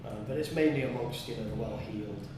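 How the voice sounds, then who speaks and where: A man's voice: medium pitch, fast, crowd noise. A British man chatting casually as a guest, talking loosely with many fillers. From United Kingdom. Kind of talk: casual chat. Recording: echoey room from far off, noisy.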